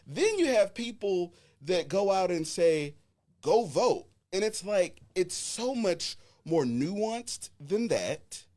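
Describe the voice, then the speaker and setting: Brief: thirties woman, co-host, blunt and animated, expressive pitch. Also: takes it slowly, hardly any pauses. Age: 30s. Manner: blunt, animated, laughing often. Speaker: podcast co-host. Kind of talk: casual panel chat.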